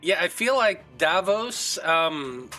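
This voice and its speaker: A man's voice: high-pitched, very animated, takes it slowly, sharp tone, soft background music, low-quality recording. A man narrating as game master of a tabletop game in a casual, hesitant way with fillers.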